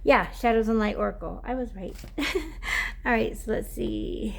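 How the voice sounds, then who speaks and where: Woman, oracle card reader, chatty and rambling, teary, gravelly voice. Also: mid-range voice, normal speed, slight background noise. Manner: chatty, rambling, laughs often, drifts off mic. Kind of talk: casual oracle card reading.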